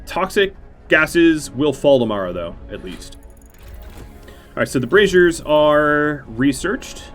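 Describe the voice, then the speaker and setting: A man's voice: on the high side, lively intonation, slow pace, a bit bright, faint music behind. A man streaming a strategy game on a headset mic, thinking aloud about his choices with dry, self-mocking jokes. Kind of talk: let's play commentary.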